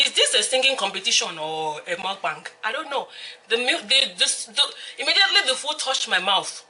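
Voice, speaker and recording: A young woman with a Nigerian accent chats to the camera between bites in a casual, hyper style. Her voice is bright and forward. She keeps breaking into snatches of song and quick Yoruba asides. A faint hum of noise sits under her voice. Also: a little high, expressive. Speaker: mukbang host. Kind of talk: casual eating-show chat.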